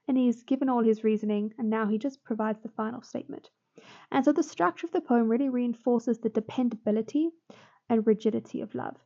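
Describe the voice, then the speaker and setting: A woman's voice: fairly high pitch, a little mellow. Woman tutor explaining a poem, lo-fi. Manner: explanatory, with fillers and self-corrections. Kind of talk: poetry analysis lesson. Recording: dull lo-fi sound.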